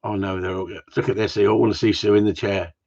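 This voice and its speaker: Fairly low-pitched and darkish, his voice keeps a level tone at a quick pace while he hosts a live gundog Q&A. He rambles, jokes and teases the viewers, all captured in dull lo-fi livestream sound.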